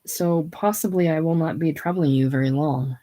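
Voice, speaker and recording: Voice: medium pitch, moderate pace, warm tone, lightly acted. A reader voicing Gus, an earnest, apologetic Austrian mechanic with a slight German accent, polite and eager to be welcomed. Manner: polite, eager, self-effacing.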